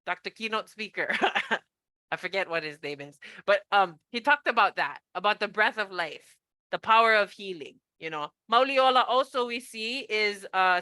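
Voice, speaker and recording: A woman's voice: medium pitch, sharp tone, clear, resonant tone, no room sound. A woman from Hawaii, a cultural practitioner, giving a chatty, upbeat online presentation on a video call, with many fillers and restarts.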